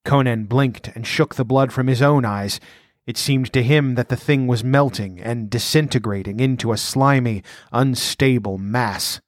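Man narrating a dark adventure tale. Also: medium pitch, a little slow, no echo, clean studio sound. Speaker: audiobook narrator. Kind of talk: scripted narration.

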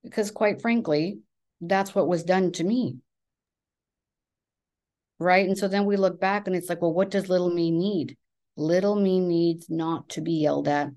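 A woman's voice: low voice, dark tone. A woman therapist in her thirties or forties giving candid, emphatic advice in casual conversation, swearing freely. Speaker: therapist, podcast guest.

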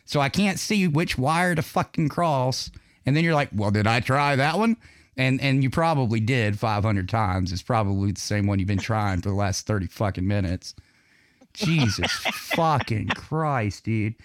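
A man's voice: on the low side, normal speed, no room sound, studio quality. A man hosting a live online radio show, ranting and swearing angrily about his computer trouble. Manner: profane, angry ranting. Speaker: host.

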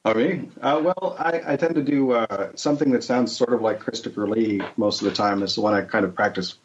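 A man's voice: mid-range voice, brisk. A man chatting casually on a podcast, hesitant and self-effacing, with many fillers. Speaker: podcast co-host. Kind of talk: casual chat. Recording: dull lo-fi audio with faint noise.

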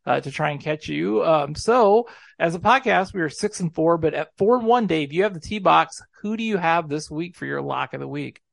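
Gravelly laughing podcast host man. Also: fairly high pitch, animated, moderate pace, few pauses, dry recording, studio quality. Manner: laughs often, chatty. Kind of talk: casual podcast chat.

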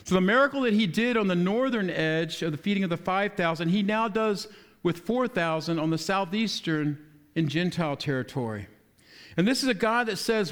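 A pastor with a high-pitched male voice delivers a relaxed, conversational sermon. He reads a passage, then explains it in plain talk. He drops into quick acted-out voices for the people in the story. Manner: conversational preaching, acts out quoted voices.

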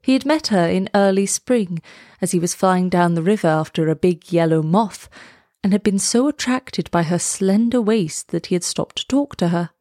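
A woman narrating a fairy tale aloud in a measured, expressive storytelling voice. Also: lowish voice, no room sound, studio quality.

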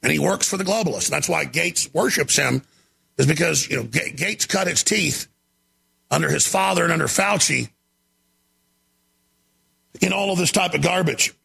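A man hosting a talk show, delivering an emphatic, ranting monologue with a gravelly voice. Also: a little high, normal speed, long pauses. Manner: gravelly, shouting, emphatic rants.

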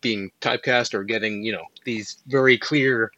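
A man co-hosting a podcast and asking relaxed interview questions. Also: on the low side, moderate pace, no room sound, lo-fi sound. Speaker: podcast co-host. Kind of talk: casual chat.

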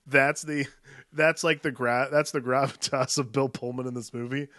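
A man's voice: mid-range voice, flat delivery, normal speed, bright, forceful tone, no echo, clean studio sound. A man co-hosting a casual movie podcast, rambling and laughing as he mimics actors. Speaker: podcast co-host.

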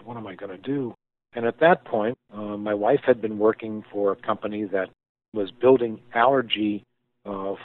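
A man with a fairly low voice tells his story slowly and thoughtfully, restarting his sentences as he goes. The sound is thin and phone-like. It is dry, with no room around it. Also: dry recording. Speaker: guest, company founder. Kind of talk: storytelling interview answer. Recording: tinny phone-like line, dry.

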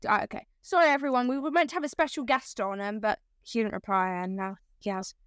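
A woman's voice: on the high side, lively intonation, fast, smooth, no room sound, studio quality. A young woman, co-hosting a casual podcast and telling a story with lots of giggles. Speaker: podcast co-host.

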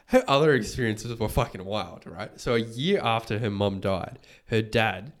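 A man, hosting a podcast and retelling a story in casual chat, animated and swearing freely. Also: on the low side, normal speed. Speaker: podcast host.

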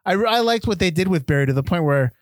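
A man's voice: sits high, lively intonation, quick pace, no echo, studio quality. A man co-hosting a casual movie chat, rambling with many restarts and acting out lines from the film. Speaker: podcast host.

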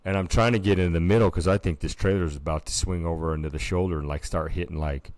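A man's voice: low voice, fairly even intonation, fast talker, darkish tone, dry recording. A man co-hosting a casual podcast, telling a story animatedly and peppering it with filler words. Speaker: podcast co-host. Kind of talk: casual chat.

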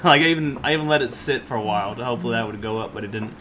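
A man's voice: mid-range voice, racing, a bit bright, slight background noise. A man hosting a casual beer tasting, talking about his own home brew and laughing often. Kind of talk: casual chat.

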